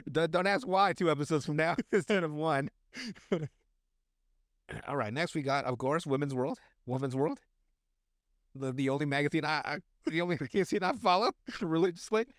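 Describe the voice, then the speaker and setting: A man's voice: a little high, normal speed, pauses often, no room sound, studio quality. A man co-hosting a podcast, reading recipes aloud in casual chat, stumbling over words and joking crudely. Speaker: podcast co-host.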